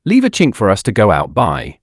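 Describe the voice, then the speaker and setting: A man's voice: on the low side, wildly swooping pitch, brisk, slightly rough, no room sound, studio quality, heavily acted. A man reading an audiobook, voicing a bold, desperate male conspirator who cries out sharply. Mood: urgent.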